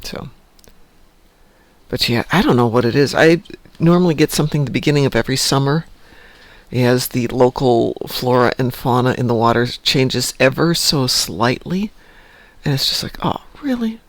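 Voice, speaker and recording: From home, a man hosts a casual morning live stream, rambling, chatting, and joking about himself and his day. He speaks in a mid-range voice at a moderate pace, with no room sound.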